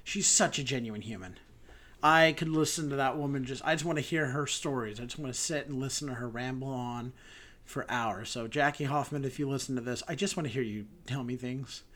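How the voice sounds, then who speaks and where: A man's voice: mid-range voice, brisk, fairly bright tone. A man co-hosting a podcast, chatting casually and gushing with enthusiasm. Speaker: podcast co-host.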